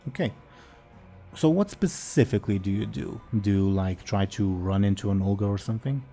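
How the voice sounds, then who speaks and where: A man narrating as game master of a tabletop game, pausing on fillers as he describes scenes. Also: fairly low pitch, warm tone, soft background music.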